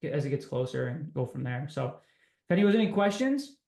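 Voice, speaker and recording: A man hosting a casual podcast, upbeat and energetic, talking like a buddy. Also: mid-range voice, a little fast, gravelly. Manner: upbeat, energetic, says dude and bro. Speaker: podcast host. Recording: roomy echo.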